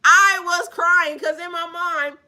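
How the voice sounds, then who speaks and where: Bright-voiced woman, laughing, blunt. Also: very high voice, fairly even intonation, takes it slowly. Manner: laughs often, blunt and profane; slangy, repetitive, talks to chat. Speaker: spiritual reader. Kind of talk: casual livestream chat.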